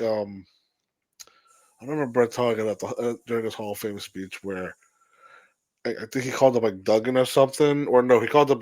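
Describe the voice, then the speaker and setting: A male co-host chats casually on a podcast, hesitating and circling back as he remembers details. His voice is ordinary in pitch and recorded dry and close. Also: darkish tone, no room sound. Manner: hesitant, rambling with restarts. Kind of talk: casual chat.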